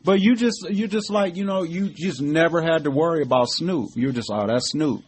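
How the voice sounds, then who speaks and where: A man's voice: a little high, moderate pace, slightly rough. A middle-aged man hosting a podcast, giving casual political commentary in an emphatic, profane, conversational way, with many fillers like "you know what I mean". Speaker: podcast host.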